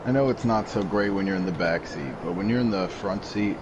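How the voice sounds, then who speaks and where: A man's voice: lowish voice, a little fast, lo-fi sound. A man chatting casually while playing a game, rambling and explaining at length. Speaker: gamer. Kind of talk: casual chat while gaming. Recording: noisy game audio behind.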